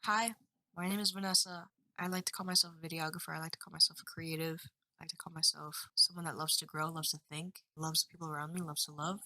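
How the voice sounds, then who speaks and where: A woman's voice: sits low, steady tone, quick pace, pushed and bright, rough recording. A woman in her twenties talking candidly into a webcam at home, rambling and emotional in a confessional vlog. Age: 20s. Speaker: vlogger.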